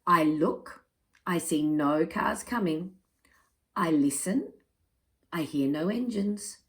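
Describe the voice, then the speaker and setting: A woman reading aloud, voicing an excitable older grandfather who protests loudly. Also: lowish voice, slow pace. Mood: indignant. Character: excitable old grandfather, insistent.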